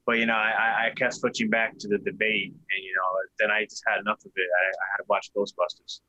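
A man's voice: fairly low pitch, little pitch movement, fast talker, sharp tone, highs cut off, slight background noise. A man co-hosting a casual podcast, talking in a laid-back, rambling way. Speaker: podcast co-host.

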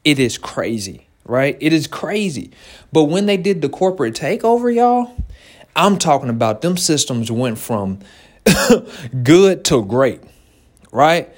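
A small business owner gives entrepreneurs an animated motivational talk, repeating key phrases and laughing often. His voice is on the high side, and he takes it slowly.

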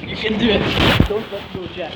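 A man's voice: high-pitched, fairly even intonation, moderate pace. A young man, co-hosting a podcast as casual banter while walking around town outdoors, jokey and playful. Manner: jokey, playful, says epic a lot. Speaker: podcast co-host. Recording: loud wind noise, dull lo-fi sound.

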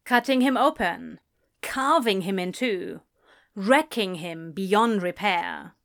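A woman reading a story aloud, narrating in an unhurried, expressive way. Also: medium pitch, gravelly. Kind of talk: reading fan fiction aloud.

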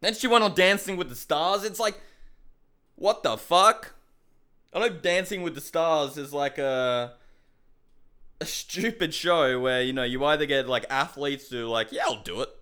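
A young man delivers fired-up commentary to his viewers, sounding disbelieving and swearing as he goes. His voice sits a touch high and comes across smooth and clear. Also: unhurried, pushed and bright. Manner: heated, incredulous, swearing. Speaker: MMA commentator. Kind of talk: ranting commentary to camera.

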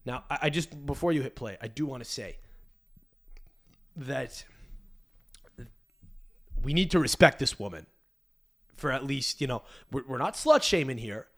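A man's voice: medium pitch, animated, unhurried, pauses often. A man hosting a podcast, ranting crudely and rambling with many restarts. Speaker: podcast host. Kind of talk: casual rant.

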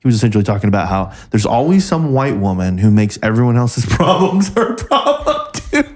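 A man co-hosting a casual podcast, joking in a deadpan way. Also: brisk. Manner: deadpan, jokey, animated pitch jumps. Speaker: podcast co-host.

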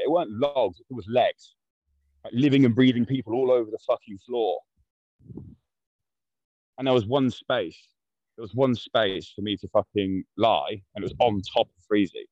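A man's voice: fairly low pitch, dry recording. A man, a podcast guest telling a story in a blunt, rambling, swear-heavy way. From London. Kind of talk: casual storytelling. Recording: dull, dry lo-fi podcast audio.

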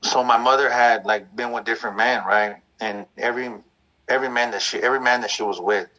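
A man's voice: mid-range voice, fairly even intonation, fairly quick, pushed and bright, rough recording. A man talking candidly and reflectively about his past in a loose, conversational way. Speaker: guest sharing his story.

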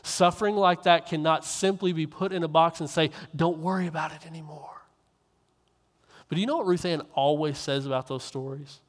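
A young male minister delivers a sermon from a stage, his voice sitting a little high for a man. He tells stories earnestly, doubling back and repeating phrases as he builds. The sound carries a long reverb from a large hall. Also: fairly even intonation, fairly quick.

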